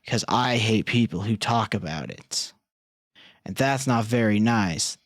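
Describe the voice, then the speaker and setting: A man streaming a game live, reading its text aloud in an unhurried, musing way and turning flustered when something breaks. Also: fairly low pitch, dry recording, studio quality.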